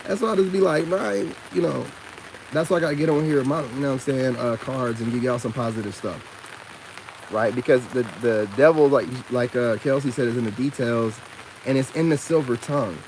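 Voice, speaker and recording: A man giving a casual monologue to camera about narcissism, loose and full of slang, who jumps sharply up in pitch when he gets indignant. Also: fairly quick, darkish tone, a little hiss or hum. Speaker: online commentator on narcissism.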